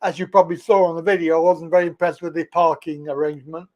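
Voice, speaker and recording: A man's voice: on the high side, fairly even intonation, fast, a little mellow, lo-fi sound. A man with an English accent hosting a casual live stream, chatting with callers and laughing often. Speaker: livestream host.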